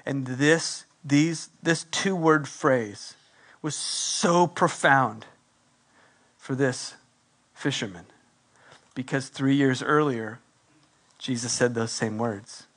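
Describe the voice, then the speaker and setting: A male pastor preaching a sermon and leading a prayer, lively and acting out the voices he quotes. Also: mid-range voice, takes it slowly. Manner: animated, acts out quoted voices.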